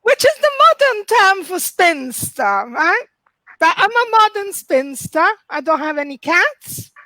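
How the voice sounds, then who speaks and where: A woman's voice: extremely high pitch, very animated, unhurried, sharp tone, no echo. A woman in her forties with an Italian accent, doing a chatty, self-mocking stand-up set over a video call from home and laughing through her lines. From Italy. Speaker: stand-up comedian.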